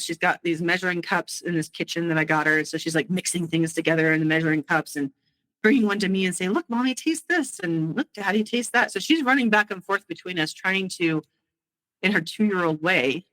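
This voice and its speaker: A woman telling her own story of a frightening night at home, halting and emotional, with frequent restarts. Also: fairly low pitch, pushed and bright, low-quality recording. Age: adult. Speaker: guest sharing her story. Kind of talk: personal storytelling.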